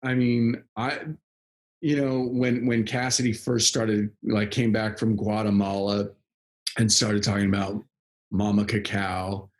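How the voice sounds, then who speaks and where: A man's voice: on the low side, level tone, unhurried. A young man chatting casually as a podcast guest, rambling with lots of fillers and frequent laughs. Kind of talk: casual conversation.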